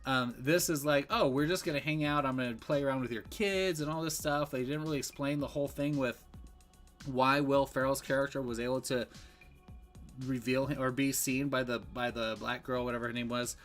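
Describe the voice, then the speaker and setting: A man's voice: mid-range voice, steady tone, fairly quick, fairly bright tone, faint music behind. A man giving a casual, rambling movie review, full of fillers and restarts.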